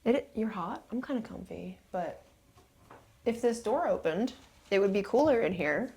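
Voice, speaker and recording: A woman hosting a live stream, chatting casually indoors and quickly thanking viewers. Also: medium pitch, lively intonation, mellow, slightly rough. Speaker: livestream host. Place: indoors in an old house.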